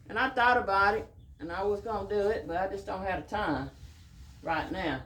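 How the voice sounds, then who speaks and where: A man, a horse trainer talking casually through his work in a soft, hushing, calming voice, outdoors. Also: sits high, normal speed, reverberant. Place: outdoors at a horse pen with farm birds.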